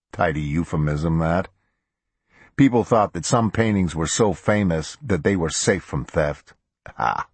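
A man narrating a crime novel as an audiobook in a steady, measured way. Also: deep voice, slightly rough, no room sound. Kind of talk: scripted narration.

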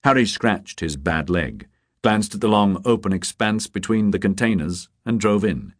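A man narrating a novel as an audiobook, measured and expressive. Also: on the low side, no echo, studio quality. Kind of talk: scripted narration.

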